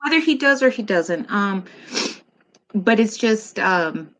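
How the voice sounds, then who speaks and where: A woman in her forties, a mother talking as a guest in a casual interview, telling family stories in an animated way with laughs. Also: mid-range voice, takes it slowly. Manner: warm, animated storytelling with laughs.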